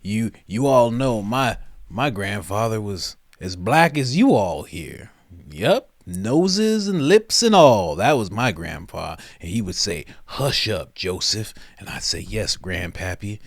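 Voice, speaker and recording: A man voicing a rambling older male politician in a low, mumbling tone. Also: sing-song, slow, no echo, clean studio sound, exaggerated voice.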